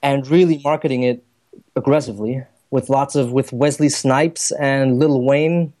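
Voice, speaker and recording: A man from Germany co-hosting a casual podcast chat, his voice dark and mellow at a middling pitch. He talks freely, laughs easily and slips into put-on voices to make a point. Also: fairly even intonation, moderate pace. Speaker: podcast co-host.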